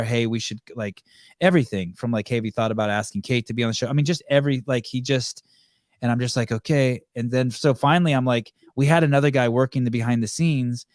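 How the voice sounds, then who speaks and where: A man hosts a podcast in loose, casual chat, swearing freely as he tells a story. He acts out each side of the conversation. His voice sits in a middle pitch, recorded close and dry. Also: darkish tone, dry recording. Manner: profane, acts out quoted dialogue. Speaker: podcast host.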